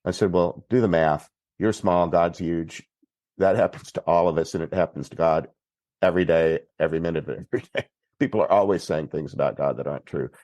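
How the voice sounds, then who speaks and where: Man from Texas, priest, very low voice, dry close sound, unhurried storytelling. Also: darkish tone, no room sound. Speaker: priest, podcast guest. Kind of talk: recounting a story in conversation.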